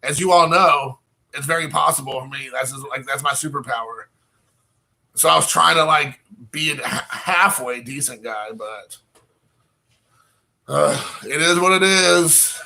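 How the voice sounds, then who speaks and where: A man's voice: on the high side, unhurried, gravelly, sharp tone. A man chatting casually to his viewers from home, rambling and poking fun at himself. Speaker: channel host. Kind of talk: casual vlog chat.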